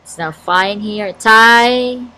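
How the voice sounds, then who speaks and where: A woman's voice: on the high side, very slow, pushed and bright, poor audio. A woman with a Filipino English accent, teaching an online class and reading out and checking her students' answers in a word game. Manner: checks answers aloud, encouraging.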